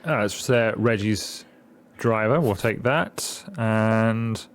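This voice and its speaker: A man's voice: fairly low pitch, slow pace. Chatty man narrating his gameplay. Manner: chatty, reads game dialogue aloud, jokey asides. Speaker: gaming channel host. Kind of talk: casual game commentary.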